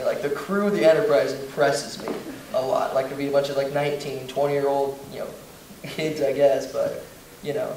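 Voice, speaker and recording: A young man in his twenties talks at a panel in a loose, reflective way, full of "like" and "you know." His voice sits somewhat high and reaches the mic from a distance. The room is very echoey, with faint noise underneath. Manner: relaxed, many "like" and "you know" fillers. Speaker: student veteran panelist. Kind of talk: casual reflective talk at a panel.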